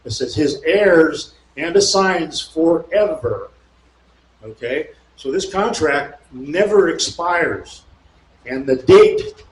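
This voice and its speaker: A man reading aloud and explaining to an audience, indignant and fired-up, with mocking asides and bursts of shouting. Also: on the high side. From California. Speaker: speaker at a local meeting. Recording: echoey room with faint background noise.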